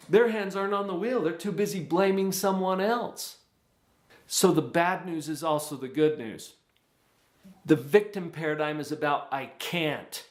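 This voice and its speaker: Animated man giving a motivational talk, roomy. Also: high-pitched. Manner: animated, acts out quoted voices. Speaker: show host. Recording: echoey room.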